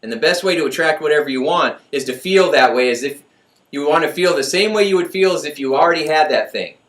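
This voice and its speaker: A middle-aged man giving a lively motivational talk as host, often acting out voices in his stories. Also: fairly high pitch, fast. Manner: energetic, acts out voices in stories. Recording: echoey room, mic far off.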